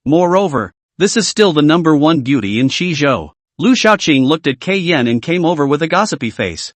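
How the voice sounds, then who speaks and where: A man reading out a fantasy story recap in a brisk, animated way. His voice sits fairly high and rises and falls a lot. The recording is dry, with no room sound. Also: no room sound. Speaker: recap narrator. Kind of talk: scripted story narration.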